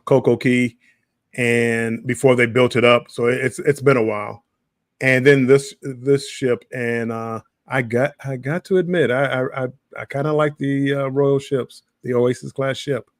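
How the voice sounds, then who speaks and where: A man's voice: medium pitch, dry recording, clean studio sound. A man who is a guest on a casual live stream, talking hesitantly with repeated words and fillers.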